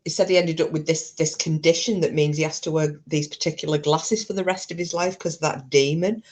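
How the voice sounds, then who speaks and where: A woman hosts a casual live stream, her voice sitting low as she talks straight to her viewers. She is blunt and chatty, and she swears freely. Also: steady tone, fairly quick, darkish tone.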